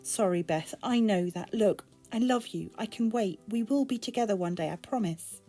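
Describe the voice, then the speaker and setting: A woman's voice: medium pitch, normal speed, warm tone, soft background music, pitched above the performer's own voice, close to an everyday voice. A British woman voicing an impulsive, passionate teenage boy who speaks in fervent outbursts.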